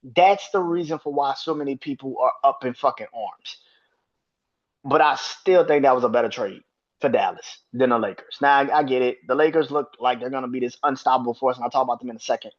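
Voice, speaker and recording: Here a male sports podcast host speaks at medium pitch and a brisk clip, the audio dull. Worked up, he rants profanely and heatedly and keeps repeating himself in this casual sports talk.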